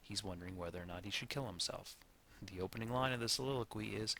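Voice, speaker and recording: A man giving a lecture, speaking deliberately and slowing down to stress syllables aloud, often stopping to correct himself. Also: on the low side, vocal fry, pushed and bright, a little hiss or hum. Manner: pauses and corrects himself mid-sentence. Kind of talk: classroom lecture.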